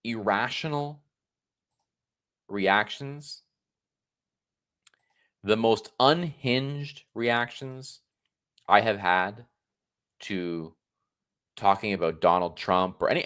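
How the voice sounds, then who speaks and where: A man's voice: fairly low pitch, takes it slowly, pauses often, fairly bright tone. A man in his thirties from the United States, giving sarcastic political commentary on a solo livestream, often restarting his sentences. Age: 30s.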